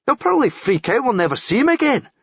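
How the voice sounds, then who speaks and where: A man's voice: very high voice, sing-song, quick pace, creaky, fairly bright tone, breathy edge, dry recording, dull audio, pitched above the performer's own voice, full character voice. A man doing a worried crew member. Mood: anxious warning. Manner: anxious, warning.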